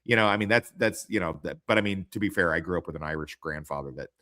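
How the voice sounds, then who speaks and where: Deep rambling man, bright tone. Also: fast talker. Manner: rambling, profane, full of fillers. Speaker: host reviewing TV episodes. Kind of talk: casual chat.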